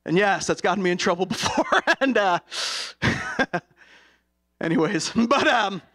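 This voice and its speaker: A middle-aged man preaching an impassioned sermon, going from hushed to shouting. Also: sits high, expressive, takes it slowly. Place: college chapel.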